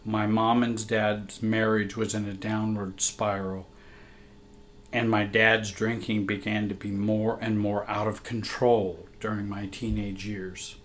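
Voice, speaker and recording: A man's voice: fairly low pitch, little pitch movement, unhurried. A man, a family coach, reading a painful personal story aloud in a somber, reflective way.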